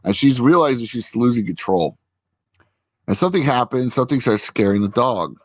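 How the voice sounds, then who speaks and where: Recapping a TV episode for his vlog, a man chats casually at his computer with a friend, rambling along with plenty of fillers and acted quotes. His medium-pitched voice has lively intonation and a moderate pace, with no room sound.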